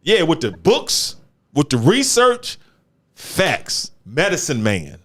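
A man's voice: on the high side, wildly swooping pitch, takes it slowly. A man hosting a casual talk show, speaking emphatically in street slang and repeating words for stress. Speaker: show host. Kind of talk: casual chat.

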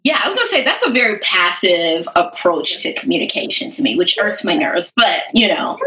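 A woman hosting a casual interview, asking questions in a relaxed, conversational way. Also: lowish voice, brisk, rough recording. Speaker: host.

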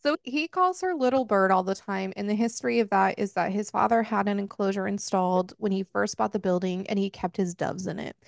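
A woman co-hosting a book club podcast, retelling a romance novel in a casual, profane, animated way. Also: mid-range voice, a little fast, gravelly, hardly any pauses, dry recording, studio quality. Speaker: podcast co-host. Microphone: close podcast mic.

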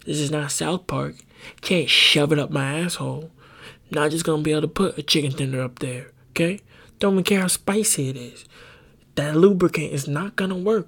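Podcast host, male, gravelly and husky, casual profane rant with high-pitched outbursts. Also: moderate pace, fairly bright tone. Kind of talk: casual rambling monologue.

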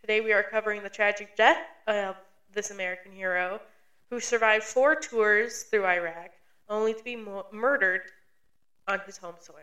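A woman's voice: mid-range voice, fairly even intonation, moderate pace, pushed and bright, poor audio. A woman from the Midwestern US hosting a casual true crime podcast, with a playful, theatrical manner. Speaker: podcast host.

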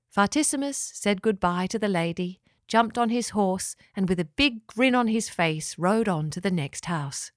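A woman reading a children's story aloud, gently and expressively, dropping lower on narration tags. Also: expressive, normal speed, hardly any pauses, no room sound, studio quality.

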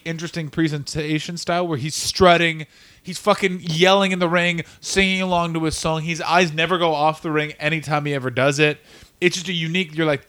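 A man co-hosting a podcast, telling stories in a profane, animated way and slipping into quoted voices. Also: a little high. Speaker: podcast co-host. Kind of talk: casual podcast chat.

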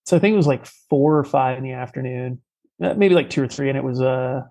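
A man's voice: medium pitch, fairly quick, mellow, poor audio. A man telling a story in a casual, rambling way, with many fillers and restarts. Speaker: podcast guest.

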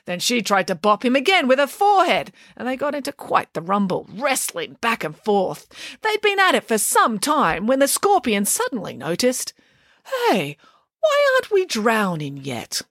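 A woman's voice: on the high side, sing-song, moderate pace, fairly bright tone, no echo, clean studio sound. A woman reading a children's storybook aloud, switching voices for each character. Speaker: audiobook narrator.

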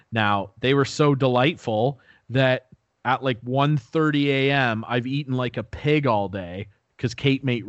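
A man's voice: medium pitch, no room sound. A young man co-hosting a podcast, rambling through a story in casual chat. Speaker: podcast co-host.

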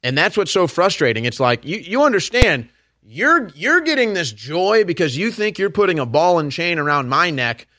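A man's voice: high voice, big pitch swings, normal speed, bright, forceful tone, dry recording, studio quality. A man hosting a political commentary show, delivering a heated, ranting monologue straight to his audience. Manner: heated, ranting, addresses listeners as folks and man.

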